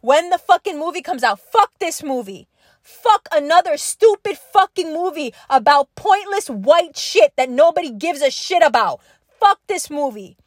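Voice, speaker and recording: Young woman, high-pitched, angry emphatic podcast host, dry close sound. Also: lively intonation, moderate pace, no echo. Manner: angry, emphatic, profane, repetitive. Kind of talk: impassioned monologue.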